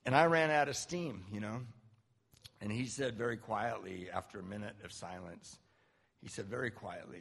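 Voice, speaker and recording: A man in his fifties from Southern California, speaking at a recovery meeting and telling a personal story in an animated, self-mocking way. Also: fairly low pitch, moderate pace, vocal fry, husky. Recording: reverberant hall.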